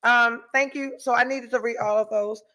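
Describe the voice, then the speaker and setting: A middle-aged woman hosts a podcast, telling a story in casual chat and reading viewer comments in a blunt, profane way. Her voice is fairly high and sharp, with fairly even intonation and a moderate pace.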